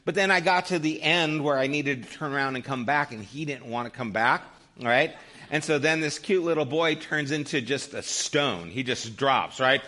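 A man's voice: medium pitch, normal speed, bright, forceful tone. A man in his fifties, a pastor preaching a sermon in a conversational storytelling way, often checking in with "right?".

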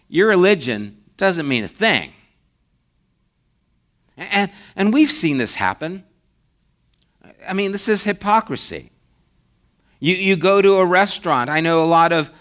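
A man preaching a sermon in a casual, conversational way. His voice sits somewhat high for a man. He often drops to a hushed, quiet delivery to make a point. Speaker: pastor.

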